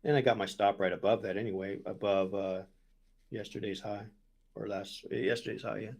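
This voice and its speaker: Low-voiced man, easygoing guest trader. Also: steady tone, moderate pace, vocal fry, a little mellow. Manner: easygoing, mostly short agreeing replies. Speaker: guest trader on a live stream. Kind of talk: casual live-stream chat.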